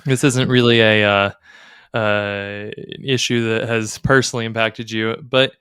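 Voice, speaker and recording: A man's voice: fairly low pitch, level tone, measured pace, fairly bright tone, clear, resonant tone, no room sound, studio quality. A man co-hosting a casual podcast conversation, playfully quizzing his co-host like a game show.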